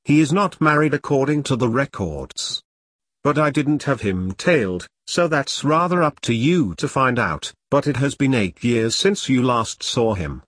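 A man voicing a calm, affluent middle-aged male handler who speaks gently and in a measured way, in an audiobook. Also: medium pitch, dry recording, clean studio sound. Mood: gentle.

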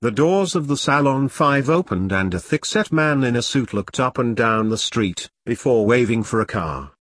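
Husky male audiobook narrator. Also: mid-range voice, expressive, normal speed, a bit bright, no room sound, studio quality.

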